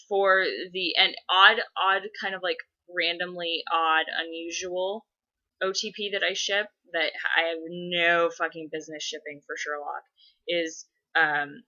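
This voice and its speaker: A woman's voice: on the low side, bright, forceful tone. A young woman vlogging at home, chatting casually and profanely about fandoms and answering inbox questions. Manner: chatty, profane, giggly fan talk. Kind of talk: casual rambling chat. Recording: dull lo-fi webcam audio.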